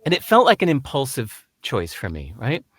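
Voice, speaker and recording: A man being interviewed who tells stories in an animated way and acts out the voices. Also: medium pitch, normal speed, breathy edge, dry recording, clean studio sound. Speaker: guest. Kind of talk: conversational interview, storytelling.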